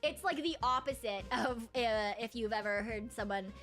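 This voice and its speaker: A woman's voice: a little high, moderate pace, a bit bright, soft background music. A woman streamer chatting casually with her viewers, rambling and humming between thoughts. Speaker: live streamer. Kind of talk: casual live-stream chat.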